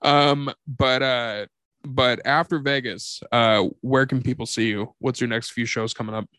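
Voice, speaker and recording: A male podcast host with a voice of ordinary pitch, talking casually and telling stories with lots of energy. He swears freely. The sound is dry and close, with no room around it. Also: measured pace, smooth, dry recording. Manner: animated storyteller, swears freely. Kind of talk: casual chat.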